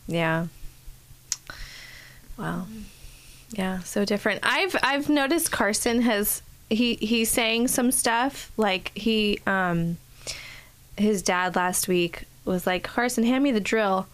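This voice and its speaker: A woman's voice: medium pitch, a bit bright. A woman from California co-hosting a podcast in casual chat, curious and asking her guests questions. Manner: slow, curious, asks questions. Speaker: podcast co-host.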